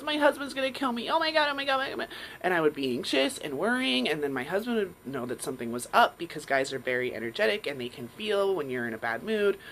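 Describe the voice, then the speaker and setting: A woman's voice: sits low, a little hiss or hum, low-quality recording. Frank, swearing woman hosting a live stream. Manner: frank, profane, acts out her inner voices. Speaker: live show host. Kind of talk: candid live-stream monologue.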